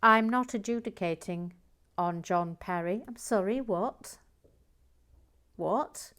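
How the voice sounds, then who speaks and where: A woman hosting a LEGO build, chatting casually and playfully, slipping into mock outrage and soft whispers. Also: medium pitch, slow pace. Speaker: host building a LEGO set. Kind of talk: casual live chat while building.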